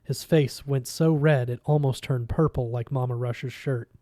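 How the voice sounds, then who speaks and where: A man reads a novel aloud, narrating in the first person at a steady pace. His voice is mellow and relaxed. The recording is dry and close. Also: medium pitch, normal speed, no room sound. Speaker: reader.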